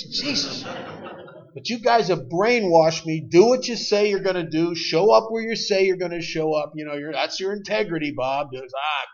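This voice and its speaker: A man tells his story at a recovery meeting, his voice raw and emotional. He goes from loud and pressing to hushed and broken, and his pitch sits a little high. The recording sounds dull and lo-fi, as if taped in a meeting room. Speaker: AA speaker.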